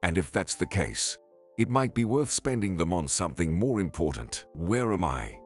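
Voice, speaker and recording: A man narrating a scripted story in an expressive storytelling manner. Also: low voice, moderate pace. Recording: faint background music.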